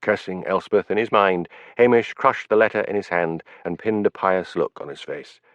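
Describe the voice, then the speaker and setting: A male narrator reading a crime novel aloud in an expressive storytelling manner. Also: sits low, moderate pace, no echo. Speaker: audiobook narrator. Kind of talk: audiobook narration. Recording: dull lo-fi audiobook file.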